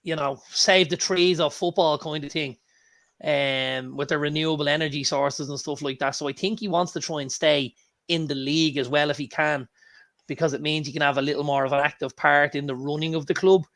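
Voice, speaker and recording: An Irish man co-hosting a casual chat show, telling lively anecdotes and swearing freely. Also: on the high side, fairly quick. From Ireland. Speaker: co-host.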